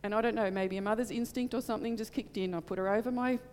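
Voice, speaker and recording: A woman's voice: on the high side, fairly even intonation, fast talker, darkish tone, long reverb tail, slight background noise. A middle-aged woman preaching in church, telling a personal testimony in an earnest, heartfelt way. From Australia. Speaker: church speaker.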